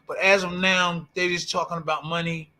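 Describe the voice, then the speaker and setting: A man's voice: high voice, flat delivery, normal speed, pushed and bright. An older man with a Philadelphia accent, a boxing champion chatting loosely on a show, repeating himself and laughing often. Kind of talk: casual boxing chat.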